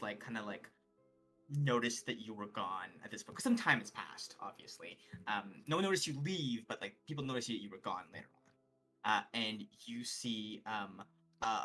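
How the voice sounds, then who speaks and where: A man's voice: lowish voice, pushed and bright. A man narrating as game master of a tabletop game, with many fillers and restarts. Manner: hesitant, filler-heavy narration.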